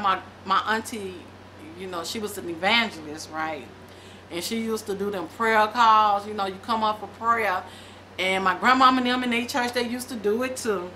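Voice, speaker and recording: A middle-aged woman vlogging, chatting casually and reading aloud from a book, with animated, loose storytelling. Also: on the high side, a little hiss or hum.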